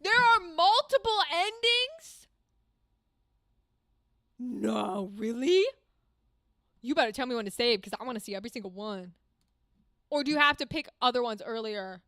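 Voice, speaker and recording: A young woman from the Boston area streams a story game, talking fast and excitably with sarcasm and swearing. Her voice sits high and bright. The sound is dry and close to the mic. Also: dry recording. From New England, Boston area. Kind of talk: casual live-stream commentary.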